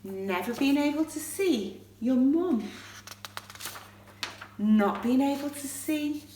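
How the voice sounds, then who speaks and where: A woman telling a Bible story to pre-school children, animated and often asking them questions, recorded from a distant mic in a roomy space. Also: high-pitched, slow, a little hiss or hum. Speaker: children's church leader.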